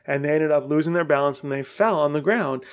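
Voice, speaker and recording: A man in his forties tells a story on his podcast in a casual, meandering way. His voice sits a little high for a man. He swears freely and laughs often. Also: brisk. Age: 40s. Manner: rambling, profane, laughing often. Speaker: podcast host.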